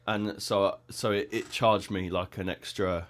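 A man's voice: lowish voice, steady tone, unhurried. A man, co-hosting a podcast in casual, rambling chat. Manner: rambling, mocking storyteller. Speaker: podcast co-host.

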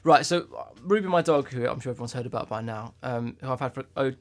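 A man's voice: medium pitch, fast talker. A man co-hosting a podcast, telling a long personal story in casual chat and swearing freely. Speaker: podcast co-host.

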